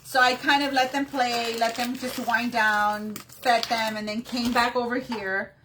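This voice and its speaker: A woman's voice: fairly high pitch, little pitch movement, measured pace, bright, forceful tone, a little hiss or hum. A woman hosting a live craft tutorial on her phone, chatting and greeting viewers by name between steps. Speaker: craft workshop host.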